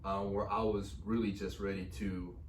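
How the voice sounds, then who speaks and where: A man's voice: fairly low pitch, level tone, moderate pace. A man co-hosting a podcast with his partner, chatting casually and joking with frequent laughs. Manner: playful, joking, laughs often. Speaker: podcast co-host. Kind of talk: casual chat. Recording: roomy echo, distant mic, faint noise.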